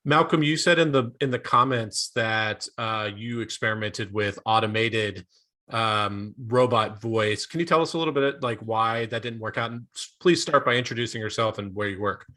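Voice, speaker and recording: A man moderating a video call discussion, brisk, prompting guests. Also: fairly low pitch, bright, forceful tone. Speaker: meeting moderator.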